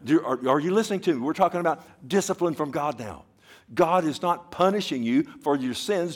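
Emphatic preacher man, loud and soft by turns. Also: breathy edge. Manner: swings between loud emphatic bursts and low quiet asides; repeats words and asks the audience "Amen?". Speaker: pastor. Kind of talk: sermon.

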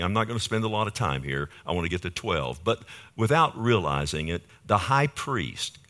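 A man's voice: sits low, a bit bright. A man preaching a sermon in a church, emphatic and punctuating points with "amen?" asides to the congregation. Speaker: pastor. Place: church in Fort Worth.

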